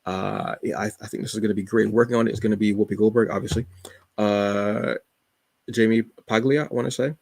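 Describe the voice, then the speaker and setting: A man's voice: on the low side, fairly even intonation, a little fast, creaky, darkish tone, no echo. A man hosting a solo comics show, rambling enthusiastically with many fillers. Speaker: podcast host reviewing comics. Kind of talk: casual solo chat.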